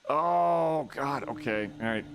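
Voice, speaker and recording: A man's voice: medium pitch, expressive, takes it slowly, noisy background. A man streaming a video game, chatting with his viewers in a playful, jokey way. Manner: playful, jokey, shrieks and laughs. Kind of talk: casual live-stream chat.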